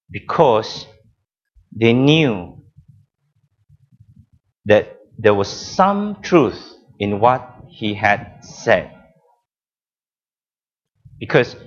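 A man preaching a sermon with emphatic, drawn-out phrasing, dramatic pauses and frequent repetitions. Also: a little high, highs cut off.

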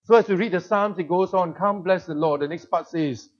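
A middle-aged man with a Singaporean English accent, preaching a sermon and telling a personal story with lively rhetorical questions. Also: sits high, fairly quick, lo-fi sound.

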